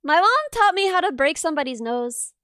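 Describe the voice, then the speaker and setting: Woman stream host from the Midwest, animated and chatty, dry close mic. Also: sits high, no echo. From American Midwest. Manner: lively, quick to react and laugh. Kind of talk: casual chat.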